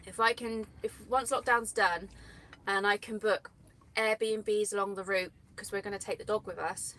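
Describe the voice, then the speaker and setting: A woman's voice: mid-range voice, a bit bright, slight background noise. A woman co-hosting a casual live chat from England, laughing often and reading out viewers' comments.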